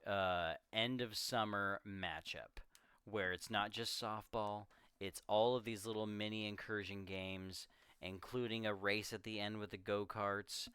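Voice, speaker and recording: A man with a fairly low, smooth, clear voice, co-hosting a podcast and recapping a film in relaxed casual chat. He tells the story with animated energy, often slipping into quick impressions of the characters. The sound is dry and close, with no room echo. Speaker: podcast co-host.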